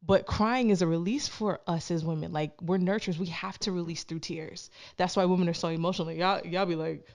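A woman's voice: on the low side, a little fast, hardly any pauses. A woman from Canada, a podcast guest, telling personal stories in casual chat and acting out other people's voices. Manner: animated, acts out quoted voices.

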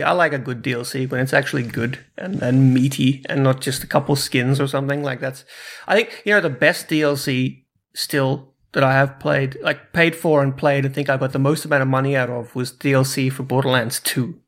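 A man's voice: medium pitch, fairly even intonation, a little fast, a bit bright. A man hosting a gaming podcast, chatting casually with restarts and stammers. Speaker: podcast host. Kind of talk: casual chat.

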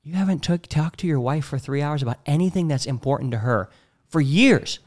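Blunt, animated man in casual chat. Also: fairly high pitch, fairly quick. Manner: animated, blunt, acts out quotes.

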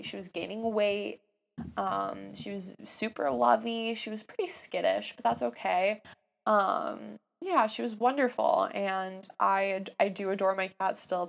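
A woman in her twenties telling a long personal story in a chatty, animated, self-mocking way. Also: mid-range voice, creaky. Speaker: vlogger. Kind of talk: casual storytelling.

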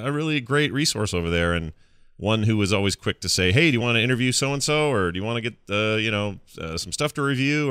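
A male podcast host with a crisp, smooth voice and a forceful, bright tone, recorded dry and close. He chats casually, upbeat and joking, keeping things moving. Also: mid-range voice, dry recording. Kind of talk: casual chat.

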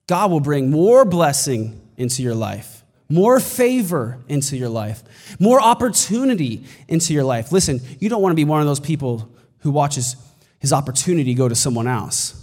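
A male pastor with a high voice delivers an emphatic sermon that climbs to shouted peaks. His words ring out with a long reverb, as from a large church hall. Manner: emphatic preaching, building to shouts.

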